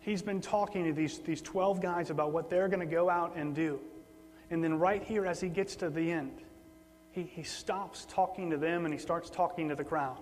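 Male preacher, somewhat high voice, casual sermon delivery, long reverb with faint hum. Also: steady tone, normal speed. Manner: conversational, repeats words for emphasis.

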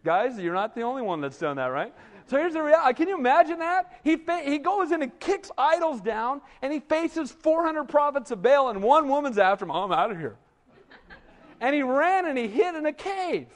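A man's voice: very high voice, brisk, long reverb tail. A man preaching a sermon as a pastor, talking conversationally and often tossing "right?" to the congregation. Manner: animated, conversational preaching with frequent "right?" asides. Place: church.

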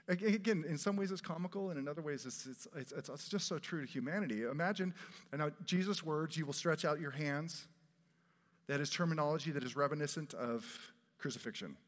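A fairly high-voiced man preaches to his congregation with earnest, animated energy. His voice rings out with a long hall reverb around it. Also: brisk. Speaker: pastor. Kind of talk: sermon. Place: church sanctuary.

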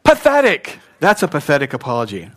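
A man preaching a sermon, emphatic, swinging between loud punchy lines and quiet ones and getting his audience to repeat words back. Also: mid-range voice, animated, moderate pace. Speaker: pastor.

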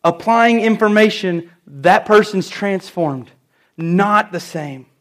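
A middle-aged man preaching a sermon in church, telling stories and stressing key phrases with slow, emphatic repeats. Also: sits high. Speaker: pastor.

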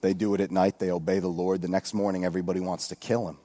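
A male pastor preaching a sermon at a church service, retelling a scripture story in a relaxed, joking way with lots of asides. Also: deep voice, fast talker. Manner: casual storytelling with jokes and asides.

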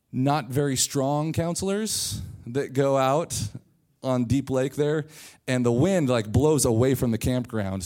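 A man's voice: mid-range voice, a little mellow. A man preaching a sermon in church, casual and joking as he retells a story. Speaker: pastor.

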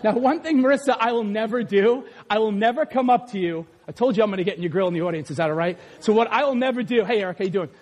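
High-voiced shouting man preaching. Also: quick pace, few pauses, big-room sound. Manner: animated and joking, often shouting. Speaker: pastor. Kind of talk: sermon. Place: church sanctuary.

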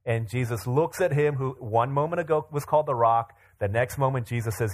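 A male pastor reading a scripture passage aloud and then explaining it in a relaxed, conversational sermon, voicing the characters' quotes with expression. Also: medium pitch, moderate pace.

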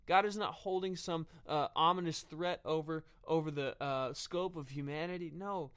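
A man preaching a sermon earnestly, often pausing with fillers and restarting his phrases. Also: fairly high pitch, fairly bright tone, clean tone.

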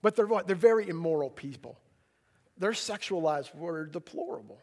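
Animated high-voiced male preacher. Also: moderate pace. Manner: animated storytelling, acts out his own panicked voice. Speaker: pastor. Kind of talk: sermon with personal story.

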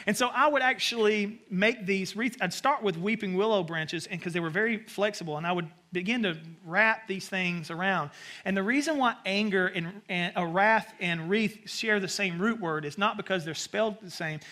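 A man with a Southern US accent, preaching a conversational sermon with sudden animated asides. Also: high voice, normal speed. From American South. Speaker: pastor.

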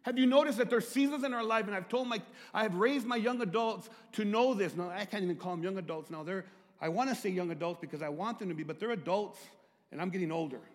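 A middle-aged male pastor preaching with a high, ringing voice. He drops to slow, hushed phrases, then climbs to loud, pleading cries. His words echo through a church sanctuary with a long, lingering reverb. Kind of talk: sermon.

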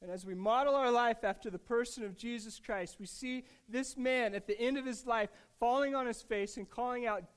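A man preaching a sermon, earnest and conversational, with frequent restarts and casual asides. He swings between hushed, tender lines and louder, emphatic ones. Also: extremely high pitch, moderate pace, hardly any pauses, clean tone. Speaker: pastor.

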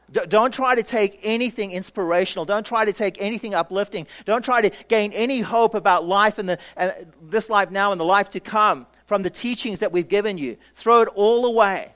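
Male pastor, higher register, lively emphatic sermon delivery. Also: brisk, hardly any pauses. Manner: emphatic, acts out congregation voices, rhetorical questions.

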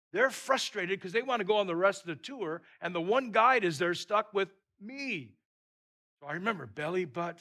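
A man preaching a sermon, telling a personal story in a lively way and often repeating words. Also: high voice.

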